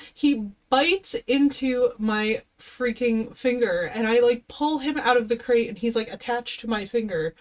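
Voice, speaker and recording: A woman streaming a game live, chatting playfully with her viewers and cooing at her dog. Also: a little high. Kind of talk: casual live-stream chat. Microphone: headset.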